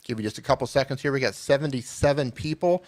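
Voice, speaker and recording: A man co-hosting a live stream, casual and upbeat, running a giveaway with quick reactions. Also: medium pitch. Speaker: co-host of a channel review live stream.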